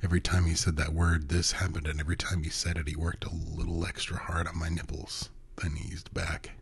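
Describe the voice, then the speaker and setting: A man narrating a first-person story in an intimate, hushed way, often dropping to a whisper. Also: sits low, completely flat delivery, brisk, few pauses, slightly rough.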